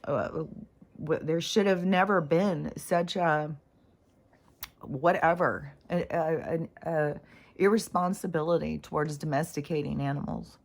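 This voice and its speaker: A woman with a notably deep, low voice talks to camera in a loose spiritual vlog. She meanders and reflects on herself, leaning on fillers. Her nose is runny. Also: unhurried, creaky. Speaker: spiritual vlogger. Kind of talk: casual rambling monologue.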